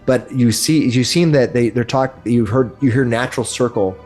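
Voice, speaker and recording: A man's voice: mid-range voice, normal speed, a little mellow, soft background music. A man narrating as game master of a tabletop game, often restarting and correcting himself mid-sentence. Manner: rambling, self-correcting narration.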